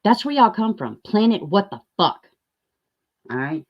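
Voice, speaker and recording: A woman hosting a profane, sarcastic commentary rant, jumping from loud outbursts to mocking near-whispers. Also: medium pitch, very animated, normal speed, pauses often. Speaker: YouTube commentary host. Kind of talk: ranting commentary.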